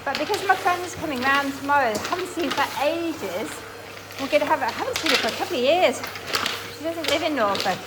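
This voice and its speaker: A chatty woman from England talks to her viewers while she vacuums and mops her farmhouse kitchen, her voice pitched a little high. She sounds a touch breathless and hoarse from the work, and she trails off and restarts as she goes. Clear household noise runs behind her. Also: lively intonation, brisk. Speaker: cleaning vlogger. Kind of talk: casual chat while cleaning. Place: farmhouse kitchen and utility room, indoors.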